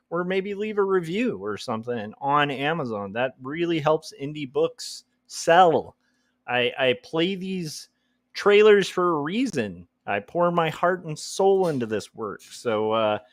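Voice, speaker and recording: A man's voice: medium pitch, fairly bright tone, no echo, studio quality. Rambling, joking man live-streaming. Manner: rambling, self-deprecating, joking. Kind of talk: casual livestream chat.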